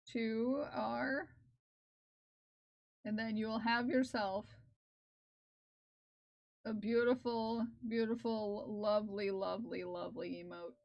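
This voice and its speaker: Playful, slow-talking woman streamer. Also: fairly high pitch, fairly even intonation, darkish tone, no echo. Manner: playful, giggly, talks to chat. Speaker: live streamer. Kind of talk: casual livestream chat.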